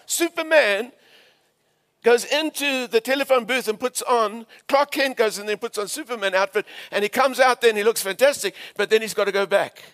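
High bright-voiced English-born preacher. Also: male voice, normal speed. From England. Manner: animated, shouts on climaxes, drops to hushed tones. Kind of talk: storytelling sermon.

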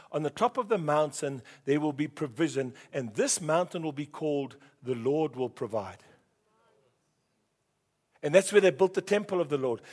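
This is a man delivering a sermon in a voice sitting a little high for a man. He leads the congregation in repeating key words back to him. His delivery swings between quiet, hushed passages and loud, fervent surges. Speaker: pastor.

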